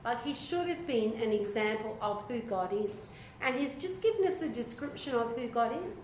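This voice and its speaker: A woman leading a small-group Bible study in a casual, animated way, acting out what biblical figures might say. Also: on the high side, moderate pace, a little hiss or hum. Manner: animated, chatty, acts out voices of biblical figures. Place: echoey room with a small group. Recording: echoey room recording.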